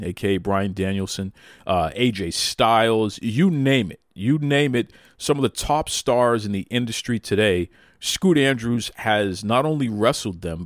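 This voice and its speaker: A man hosting a wrestling talk show, excitable and playful, hyping people up with exaggerated praise. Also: lowish voice, no room sound, studio quality. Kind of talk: hyped casual podcast talk.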